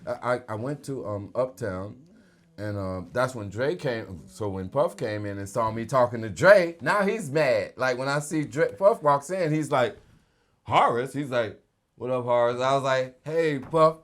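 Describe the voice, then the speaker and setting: A man's voice: medium pitch, a little slow. A middle-aged man, an R&B singer, telling stories in a casual interview and acting out the people he quotes. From North Carolina. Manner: animated storyteller acting out quoted voices.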